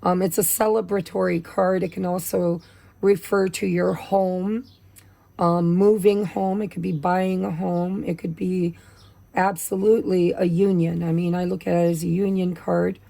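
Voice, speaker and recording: Gravelly woman reading tarot. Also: on the low side, little pitch movement, normal speed, dark tone. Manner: chatty, with many fillers. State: losing her voice from allergies. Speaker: tarot reader.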